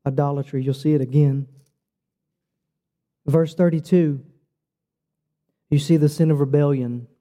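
A man preaching a sermon, telling stories with quoted dialogue in a casual, lively way. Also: a little high, highs cut off. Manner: animated storytelling with quoted dialogue; casual, says "bro" and "like". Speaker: pastor.

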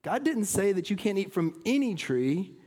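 High-voiced earnest male pastor preaching. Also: big pitch swings, normal speed. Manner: earnest, falls to a hush at phrase ends. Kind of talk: sermon.

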